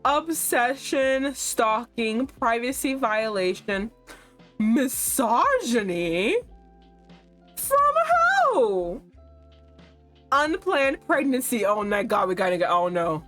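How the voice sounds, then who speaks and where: A woman streams a dating game, reading its text aloud and reacting with animated, laughing outbursts. Her pace is slow and drawn out. Faint music plays under her voice. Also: a little high.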